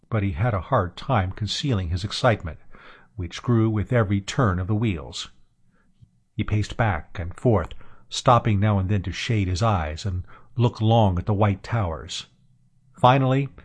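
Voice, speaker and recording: Low-voiced man narrating an audiobook. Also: slightly rough. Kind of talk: scripted narration.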